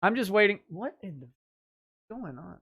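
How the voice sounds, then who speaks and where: A man's voice: high voice, very animated, normal speed, fairly bright tone, husky, no room sound, clean studio sound. A man hosting a podcast, chatting casually and joking while reading out chat messages. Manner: joking, irreverent. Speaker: podcast host.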